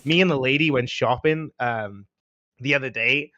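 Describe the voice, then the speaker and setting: A man's voice: mid-range voice, moderate pace, bright, forceful tone. A man co-hosting a podcast in casual, profane chat. He rambles, swears constantly and acts out little scenes, on a slightly dull lo-fi mic. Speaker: podcast co-host.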